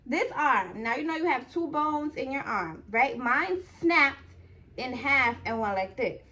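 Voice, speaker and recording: Young woman vlogger, casual storyteller, slightly high voice, chatty with lots of fillers. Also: lively intonation, a little slow, pushed and bright. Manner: chatty, full of "like" and "okay?".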